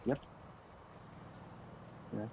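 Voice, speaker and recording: A man's voice: extremely slow, mellow, slight background noise, low-quality recording. An Australian man chatting and patiently explaining things over voice chat while playing a driving game. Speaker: game streamer. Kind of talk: casual multiplayer game chat.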